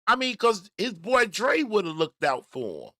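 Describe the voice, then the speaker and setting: Guy hosting a commentary stream, kinda high bright voice, stumbles over words a lot, very animated. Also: moderate pace, no room sound, studio quality. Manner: animated, stammers and restarts, emphatic. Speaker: host. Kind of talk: casual commentary livestream.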